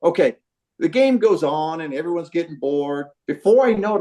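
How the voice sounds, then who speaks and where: Animated older man telling a story. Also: fairly high pitch, a little fast. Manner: animated, swearing, acts out quotes. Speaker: baseball trainer telling a story. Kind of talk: casual storytelling on a phone call. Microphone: phone call.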